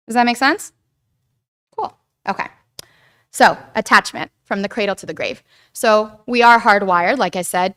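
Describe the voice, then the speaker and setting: Woman, relaxed lecturer, clear resonant tone, mid pitch, chatty and animated delivery. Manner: chatty, animated, says "right?" and "like" often. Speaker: guest speaker on attachment theory. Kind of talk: casual lecture to a church group.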